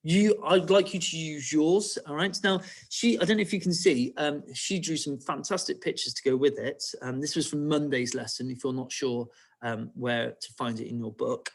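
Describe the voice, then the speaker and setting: A man's voice: on the high side, fairly even intonation, moderate pace, gravelly. A male primary school teacher giving an online writing lesson, patiently walking pupils through each step and checking they follow.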